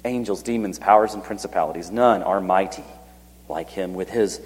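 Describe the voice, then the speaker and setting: A man's voice: sits low, moderate pace, husky. A man preaching a sermon, reading scripture aloud with swelling emphasis and then dropping to a near whisper when he speaks of awe. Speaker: pastor. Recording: long hall reverb.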